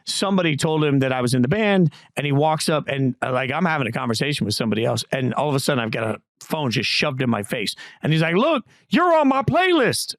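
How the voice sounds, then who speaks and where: A man's voice: mid-range voice, no room sound. A middle-aged man hosting a sports podcast, telling stories in casual chat with playful jumps in his voice. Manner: animated storyteller, playful voice jumps. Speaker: podcast host.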